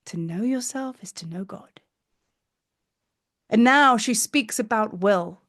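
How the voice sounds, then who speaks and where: A woman's voice: on the high side, lively intonation, slow pace, a bit bright. A woman teacher narrating a guided meditation in a soothing, dreamy, lightly rambling way.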